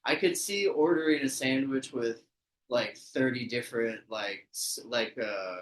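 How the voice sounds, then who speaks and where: A man's voice: mid-range voice, a little slow, far from the mic, a little hiss or hum. A man hosting a podcast, chatting in a laid-back, rambling way with lots of "like" fillers. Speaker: podcast host. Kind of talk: casual chat. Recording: roomy, off-mic.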